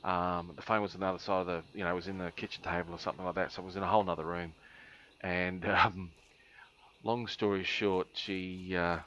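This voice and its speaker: A man's voice: low-pitched, little pitch movement, a little fast, fairly bright tone, slight background noise. A man streaming a game, telling a long rambling story with laughs and many ums.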